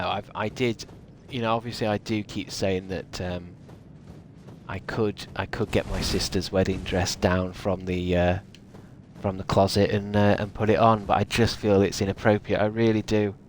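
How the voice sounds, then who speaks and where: A man's voice: lowish voice, a little hiss or hum. A young man chatting casually while streaming a game, rambling, swearing and laughing at himself. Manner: rambling, sweary, self-mocking, laughs often. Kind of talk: casual live-stream commentary while gaming.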